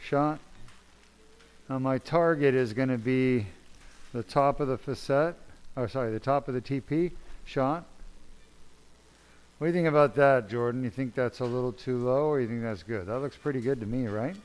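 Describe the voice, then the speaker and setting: Working in the operating room, a male spine surgeon talks viewers through a live-streamed procedure while bantering with his team. He speaks at a normal pace in a clear, resonant mid-range voice with frequent pauses, and he's chatty and pokes fun at himself.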